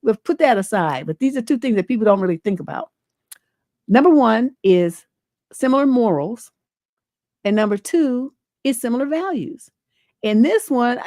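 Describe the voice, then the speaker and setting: A woman's voice: mid-range voice, mellow, dry recording, studio quality. A middle-aged American woman hosting a relationship advice livestream, talking bluntly and emphatically and swearing freely. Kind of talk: livestream advice talk, reading a viewer letter.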